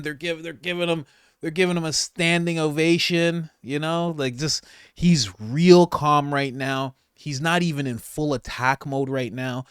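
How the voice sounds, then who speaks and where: Male commentary host, mocking and incredulous, bursts of laughter, slightly high register, dry recording. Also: fairly even intonation, a little slow, clear, resonant tone, no echo. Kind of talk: reaction commentary on political clips.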